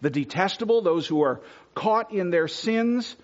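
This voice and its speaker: A man preaching a sermon from the pulpit to his congregation, earnest, dropping to hushed near-whispers and rising on points of emphasis. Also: high-pitched, expressive, unhurried, muffled recording. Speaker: pastor. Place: church sanctuary.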